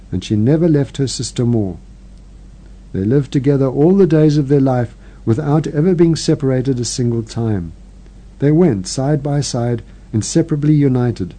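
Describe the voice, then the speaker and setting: Dark-voiced man reading a story. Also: medium pitch. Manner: measured, dramatic reading. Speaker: reader. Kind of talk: storybook narration.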